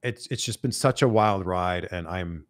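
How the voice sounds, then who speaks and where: A man's voice: deep voice, normal speed. A Canadian man, a TV host and entertainment reporter, talking as a guest in a casual interview, upbeat and full of "like" fillers. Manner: animated, enthusiastic, many "like" fillers.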